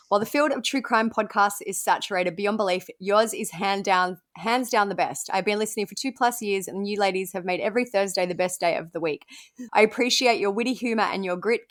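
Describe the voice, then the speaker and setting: A woman co-hosting a podcast, chatting in a relaxed way and laughing often. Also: medium pitch, dry recording, studio quality. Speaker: podcast co-host. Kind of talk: casual chat.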